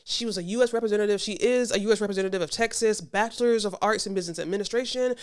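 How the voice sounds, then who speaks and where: A woman's voice: medium pitch, racing, clean tone. A woman hosting a podcast, giving a reaction commentary monologue in an emphatic, sassy way, repeating her points and talking straight to the listener. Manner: conversational, addresses the listener directly. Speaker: podcast host.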